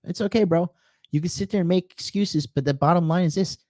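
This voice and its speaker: A man's voice: high-pitched, fairly quick, darkish tone, no room sound, clean studio sound. A man hosting a reaction video, mocking and insulting viewers with sarcastic, profane commentary.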